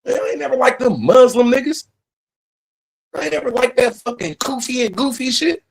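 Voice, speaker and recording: A man's voice: very high voice, expressive, normal speed, vocal fry, rough recording. A man hosting a livestream, talking in a profane, rambling, emphatic casual rant. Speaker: livestream host.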